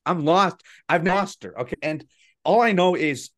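A man's voice: high voice, animated, moderate pace, fairly bright tone. A man playing a confused, lovesick young man in an improvised therapy scene, rambling anxiously and repeating "okay". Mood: flustered.

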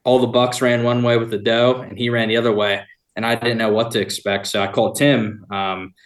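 A man's voice: mid-range voice, little pitch movement, a little fast. A young man, a podcast guest, telling a long, rambling hunting story in casual talk, often laughing.

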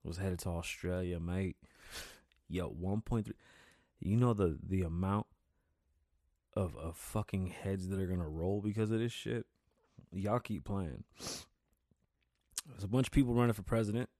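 A man hosting his own podcast, talking loosely and excitably, swearing often and stumbling over words. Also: low voice, measured pace, long pauses, no room sound, clean studio sound. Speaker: podcast host. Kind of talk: casual solo podcast talk.

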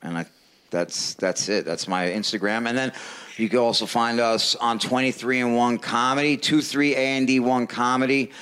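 A man's voice: medium pitch, steady tone, normal speed, a bit bright, clean tone. A man who is a comedian guest on a podcast, trading mocking banter in casual comedic chat.

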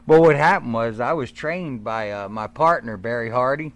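A man's voice: mid-range voice, moderate pace. A man telling stories in a casual interview about his early days as a wrestler, acting out what others said. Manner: animated storyteller, acts out quotes. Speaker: guest, former wrestler.

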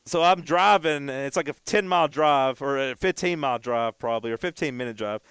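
A man's voice: medium pitch, brisk, fairly bright tone, clean tone, no echo, clean studio sound. A man co-hosting a casual chat, telling stories in a rambling way and often stumbling over and repeating his words.

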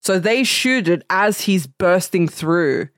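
A woman's voice: on the low side, lively intonation, no echo, clean studio sound. A woman co-hosting a podcast, chatty and enthusiastic in casual film chat. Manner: chatty, quick to laugh, enthusiastic. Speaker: podcast co-host.

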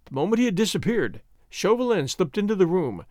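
A man narrating a classic novel as an expressive audiobook reading. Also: sits high, fairly quick, no room sound, studio quality. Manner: expressive storytelling.

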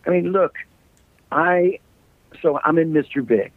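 Scratchy-voiced rocker on a tinny line. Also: male voice, a little high, measured pace, dry recording. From United States. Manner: loose, joking, rambling storyteller. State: slightly scratchy voice. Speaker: rock singer, guest. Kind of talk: casual interview chat. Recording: dry, tinny call line.

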